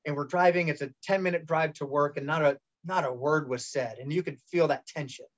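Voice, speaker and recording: A man's voice: fairly high pitch, fairly even intonation, fairly quick. Candid man telling a story, muffled sound. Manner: candid, rambling with restarts and quoted dialogue. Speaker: guest telling his cancer story. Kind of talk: casual storytelling interview.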